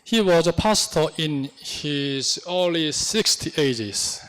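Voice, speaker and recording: A man's voice: fairly high pitch, animated, slow pace, fairly bright tone, clear, resonant tone. Man preaching, bouncy intonation, takes his time, telling a story in english. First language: Korean. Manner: storytelling with non-native English phrasing. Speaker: pastor. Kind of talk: sermon.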